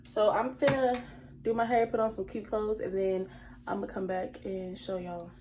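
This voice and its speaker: A woman's voice: medium pitch, level tone, normal speed, dark tone, a little hiss or hum. A young woman, chatting to viewers while doing her makeup. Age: 20s. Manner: chatty, talks straight to viewers as "y'all". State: emotional, close to tears. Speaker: beauty vlogger. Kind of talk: casual makeup tutorial chat.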